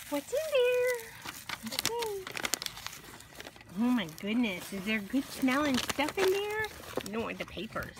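Dog owner at home, unhurried, coaxing pet talk over noisy rustling wrapping paper. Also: female voice, sing-song. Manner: high sing-song coaxing pet talk. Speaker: dog owner filming her pets. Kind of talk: casual talk to her dogs while unboxing. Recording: loud paper crinkling behind voice.

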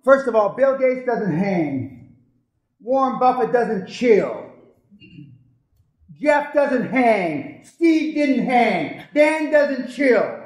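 A man giving an aggressive, profane seminar rant, berating his audience and shouting often. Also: very high-pitched, sing-song, extremely slow. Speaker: business seminar speaker.

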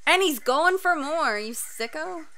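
A young woman doing a casual anime reaction, excitable and quick to gasp and shriek. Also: high-pitched. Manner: excitable, gasping and shrieking in surprise.

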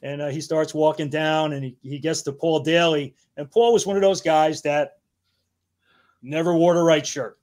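A man's voice: on the high side, steady tone, normal speed, darkish tone. Chatty fifties man telling stories. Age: 50s. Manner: rambling storyteller, laughs often, swears casually. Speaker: guest, battalion chief. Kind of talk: casual anecdote-telling.

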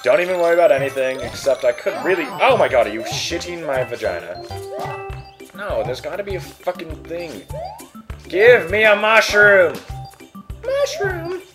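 Excitable young guy yelling at a game. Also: on the high side, brisk. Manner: excitable, crude, loud yelps. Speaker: let's play gamer. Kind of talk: casual gaming commentary. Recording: game music under voices.

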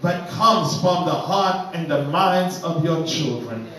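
A man prays aloud with fervent, rhythmic repetition, his voice sitting a touch high for a man. The sound rings through a very echoey church room, picked up from well away from the mic. A faint hiss of background noise sits under it. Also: animated, slow pace, a bit bright, recorded from a distance. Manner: fervent, rhythmic, repeating phrases in litany. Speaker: minister leading prayer. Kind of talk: opening prayer at a Bible study. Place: church, indoors.

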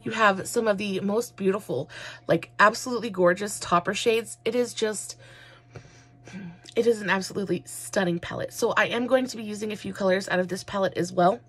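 Lady rambling thru a makeup tutorial, kinda husky voice, lots of ums and likes. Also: medium pitch, brisk, a bit bright. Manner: rambling, many fillers, gushing. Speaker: makeup vlogger.

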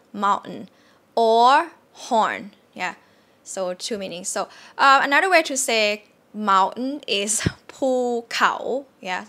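A woman's voice: fairly high pitch, pushed and bright. A woman with a Thai accent, a native Thai speaker teaching a casual online lesson on tones, repeating words over and over and checking in with "yeah?".

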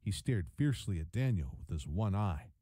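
A man giving scripted narration for a game cutscene, telling the story as a father in a measured storyteller's manner. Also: no room sound, low-quality recording. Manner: measured storytelling with lively pitch.

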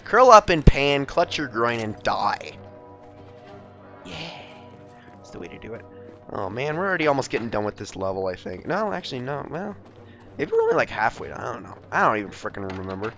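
A young man giving jokey, excitable commentary over a video game he is playing, often talking to the characters on screen. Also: mid-range voice, fast, gravelly, music in the background. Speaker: gameplay commentator. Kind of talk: let's play commentary.

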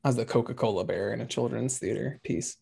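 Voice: medium pitch, fast, vocal fry, dark tone, slightly rough. A player and stage actor chatting eagerly after a tabletop game. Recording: crowd noise behind the voice.

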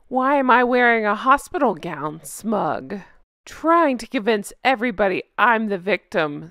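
A woman hosting a sarcastic, mocking first-person commentary, snarky with drawn-out catchphrases. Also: mid-range voice, lively intonation, fairly bright tone, dry recording, clean studio sound. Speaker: commentary channel host.

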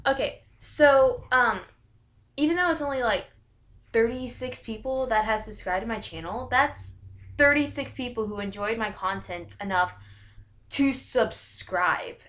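A woman's voice: fairly high pitch, unhurried, a bit bright. A woman chatting casually to the camera as a YouTuber, giggly and rambling, often correcting herself. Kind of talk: casual vlog chat to camera.

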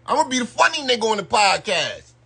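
A man's voice: extremely high pitch, very animated, fast talker, creaky, pushed and bright, husky. A man giving loose, slangy live-stream commentary and talking straight to his viewers. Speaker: YouTube commentator.

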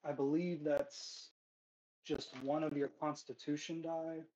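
A man's voice: fairly high pitch, flat delivery, takes it slowly, dark tone, dull audio. A man running a tabletop game as game master, casual and loose with many fillers.

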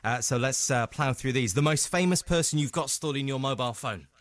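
A man's voice: mid-range voice, fairly quick, no room sound. A man hosting a radio interview, playful and teasing, speaking into a close studio mic. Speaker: radio host.

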